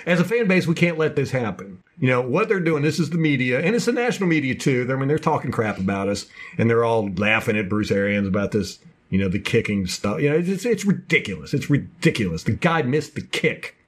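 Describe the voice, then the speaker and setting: A man co-hosting a casual sports podcast, ranting passionately in fast bursts about his local team. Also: medium pitch, very animated, slightly rough. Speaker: podcast co-host.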